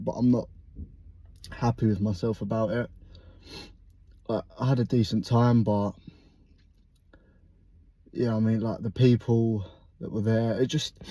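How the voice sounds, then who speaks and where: Young man, post-run and slightly breathless; dark, relaxed tone, reflective self-critical vlog chat. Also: lowish voice, dry recording. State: sweaty and a bit out of breath. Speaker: vlogger. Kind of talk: casual vlog monologue.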